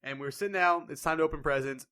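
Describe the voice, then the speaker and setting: A young man co-hosting a podcast in casual chat, animated and acting out quoted voices as he tells stories. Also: fairly high pitch, very fast. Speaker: podcast co-host.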